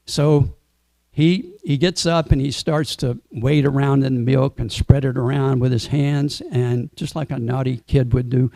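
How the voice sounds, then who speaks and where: Gravelly, mellow-voiced male storyteller. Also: medium pitch, normal speed, dry recording. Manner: relaxed storyteller, asks the audience questions. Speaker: speaker at a temple Sunday program. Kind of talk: storytelling sermon.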